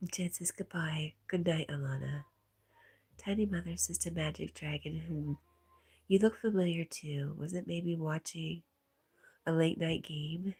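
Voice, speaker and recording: Husky low-voiced woman, stuffy and soft. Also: steady tone, takes it slowly, pauses often. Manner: soft, often half-whispered, breaks into laughs. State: stuffy nose. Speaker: livestream host. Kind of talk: casual chat reading live comments.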